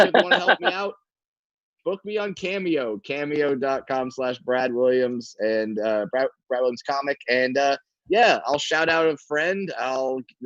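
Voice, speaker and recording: A man's voice: medium pitch, no room sound. A man, a stand-up comedian, chatting casually as a guest, laughing often and rambling with restarts, heard over a lo-fi video call. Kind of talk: casual chat. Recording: dull lo-fi call audio.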